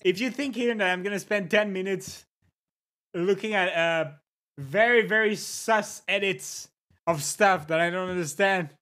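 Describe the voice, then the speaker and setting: A native French-speaking streamer chatting casually on a live stream, excitable, laughing, swearing and greeting chat. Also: medium pitch, a little slow.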